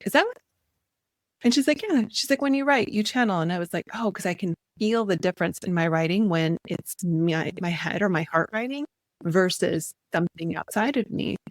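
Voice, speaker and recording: A woman's voice: lowish voice, expressive, a little fast, no echo. A woman guest in a casual interview, talking in an earnest, reflective way. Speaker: podcast guest.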